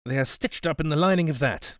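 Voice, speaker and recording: A man's voice: fast, dry recording, studio quality, lightly acted. A man voicing a frightened, desperate young woman who cries out shrilly in an audiobook. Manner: shrill, panicky. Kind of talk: audiobook character voice.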